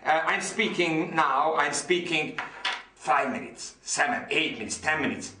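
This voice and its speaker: A man voicing an adult language learner who is amazed at speaking at length, in a breathless, marvelling, hushed way. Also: fairly high pitch, animated, measured pace, roomy sound, recorded from a distance.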